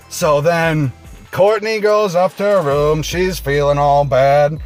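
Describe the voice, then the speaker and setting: A man hosting a reaction video, recapping an episode casually with swearing and lively pitch swings. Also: slow pace, faint music behind. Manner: animated, swings pitch for emphasis.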